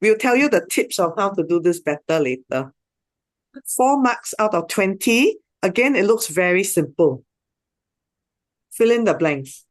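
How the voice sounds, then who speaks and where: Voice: medium pitch, very animated, a little slow, dry recording. Dry-sounding Singaporean English teacher. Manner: chatty, directs the lesson. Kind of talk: online class teaching.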